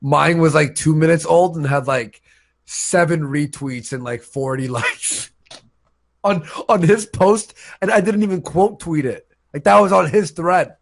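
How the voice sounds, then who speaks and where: A man's voice: fairly high pitch, a little slow, vocal fry. A man hosting a live stream, telling stories in a rambling, casual way. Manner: rambling storytelling with fillers. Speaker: stream host.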